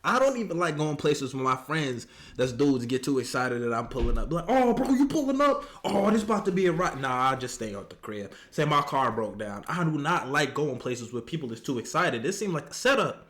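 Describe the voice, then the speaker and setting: A man giving comedic reaction commentary, mocking and animated, jumping into high squeals of disbelief. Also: fairly quick, hardly any pauses.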